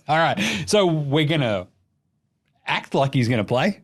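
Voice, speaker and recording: A young Australian man hosts a casual basketball show, swearing freely and cracking jokes as he goes. His voice rises and falls a lot, keeping the delivery animated. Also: a little high, measured pace, pauses often. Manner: profane, joking, animated. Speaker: basketball podcast host.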